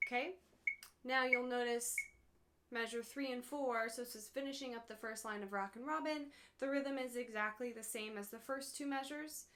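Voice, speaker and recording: A woman's voice: a little high, normal speed, fairly bright tone. A woman music teacher giving a patient, step-by-step lesson to one student, chanting rhythm syllables as she counts beats.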